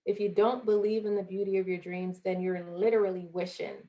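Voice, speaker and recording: A woman's voice: medium pitch, flat delivery, fairly quick, dark tone, lo-fi sound. A young woman from Jamaica, a former college athlete, speaking earnestly as a podcast guest and acting out the voices she quotes. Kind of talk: motivational interview talk.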